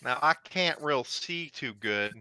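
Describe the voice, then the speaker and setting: Male player, bright and animated, jokey, put-on country drawl. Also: on the high side, slow, clear, resonant tone, dry recording. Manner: playful, jokey, leans into an exaggerated country accent. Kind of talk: playing a tabletop game.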